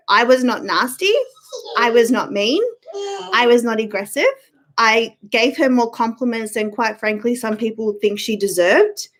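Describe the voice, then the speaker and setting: A woman's voice: fairly high pitch, fairly bright tone. A young woman hosting her own live stream from home on a webcam mic. She rants bluntly and irritably, swears freely and breaks off to greet chat viewers by name. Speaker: YouTube livestream host. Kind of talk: casual live-stream rant.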